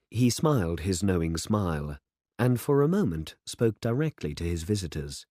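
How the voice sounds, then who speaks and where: A man narrating a story for English learners in a measured, deliberate manner. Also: sits low, big pitch swings, dark tone, dry recording, studio quality.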